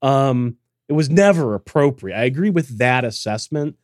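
A man's voice: mid-range voice, expressive, moderate pace, a little mellow, dry recording. A man co-hosting a casual podcast, reading listener emails with dry, teasing humor. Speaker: podcast co-host.

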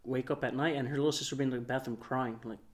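A man telling a long story on a casual podcast, rambling and soft-spoken, with lots of filler words. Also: medium pitch, fairly even intonation, racing. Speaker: podcast co-host.

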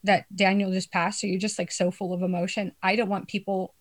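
A woman's voice: mid-range voice, level tone, fairly quick. A young woman in casual chat with friends, telling a story with lots of swearing and laughter.

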